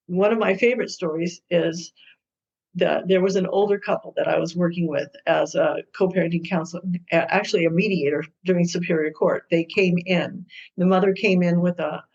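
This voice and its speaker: A woman's voice: fairly low pitch, moderate pace. Woman mediator telling stories, lo-fi. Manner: lively storyteller who acts out quoted people. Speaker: guest, co-parenting mediator and author. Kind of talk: storytelling interview answers. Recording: dull lo-fi sound.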